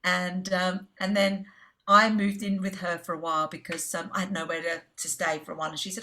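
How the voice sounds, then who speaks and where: A bright, ringing voice from a middle-aged English-born woman. She tells her stories with animation, jumping into the voices of the people she quotes. It sounds like a relaxed interview. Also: fairly low pitch, brisk, creaky. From England. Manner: animated storyteller who acts out quoted voices. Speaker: jazz singer, guest. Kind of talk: casual storytelling interview.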